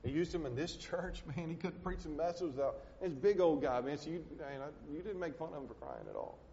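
A man's voice: fairly high pitch, big pitch swings, fairly quick, mellow, big-room sound, dull audio. A man preaching a sermon from the pulpit, folksy and emotional, tossing in "man" and "hey" as he talks. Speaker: pastor. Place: church sanctuary.

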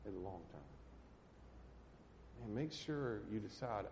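A man's voice: lowish voice, animated, a little slow, a little mellow, big-room sound, lo-fi sound, a little hiss or hum. A man preaching a sermon from the pulpit, folksy and emotional, tossing in "man" and "hey" as he talks. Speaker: pastor. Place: church sanctuary.

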